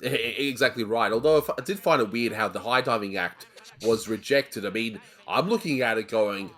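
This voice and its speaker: A man hosting a casual chat, relaxed and conversational. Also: medium pitch, brisk. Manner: relaxed, conversational, some restarts. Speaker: host.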